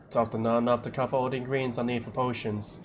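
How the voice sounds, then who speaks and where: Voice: mid-range voice, level tone, fast talker, a crowd in the background, pitched below the performer's own voice, close to an everyday voice. A game streamer voicing a humble market sorcerer, reading game dialogue in an earnest, pleading way.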